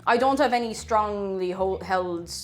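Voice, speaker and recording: A woman's voice: medium pitch, measured pace, slight background noise. A young Irish woman chatting casually with viewers, reading chat aloud and thanking them as she bakes. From Ireland. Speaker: streamer. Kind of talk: casual live-stream chat while baking. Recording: faint music behind the voice. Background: faint background music.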